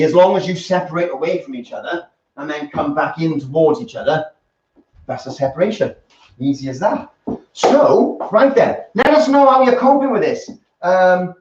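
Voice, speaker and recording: A man's voice: fairly high pitch, a little mellow. Chatty man counting dance steps. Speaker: dance teacher. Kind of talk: live-streamed dance class. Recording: roomy, distant, dull live stream.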